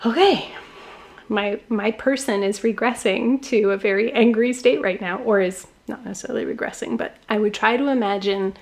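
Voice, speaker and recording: A woman's voice: fairly high pitch, moderate pace, gravelly, darkish tone. A middle-aged woman hosting a podcast, talking candidly about her marriage in a casual conversation and laughing often. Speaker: podcast host.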